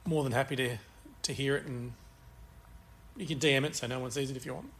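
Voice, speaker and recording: A man's voice: mid-range voice, fairly even intonation, quick pace, fairly bright tone, slight background noise. A man co-hosting a podcast, rambling crudely through casual banter and swearing freely. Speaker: podcast co-host.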